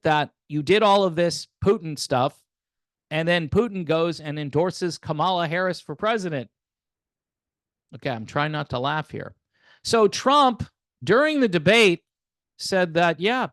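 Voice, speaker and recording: A man's voice: high voice, lively intonation, a little slow, a bit bright, no echo, studio quality. A man hosting a casual political commentary monologue, sarcastic and wry, chuckling and talking straight to his viewers. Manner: conversational, addresses viewers directly.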